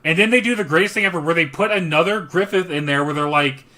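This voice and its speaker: Excitable, bright-voiced young man swearing freely. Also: fairly high pitch, fast talker. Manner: excitable, profane storytelling. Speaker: streamer. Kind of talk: casual gaming chat.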